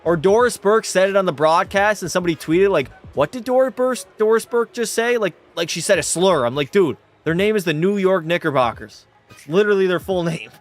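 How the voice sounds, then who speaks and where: A man's voice: sits high, lively intonation, fairly quick, few pauses, soft background music. A young man commentating his own hockey video game on a live stream, a little tipsy, swearing freely, answering chat and calling plays like a sportscaster. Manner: rowdy, profane, mock play-by-play, reads chat aloud. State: tipsy from a few drinks. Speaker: gaming streamer.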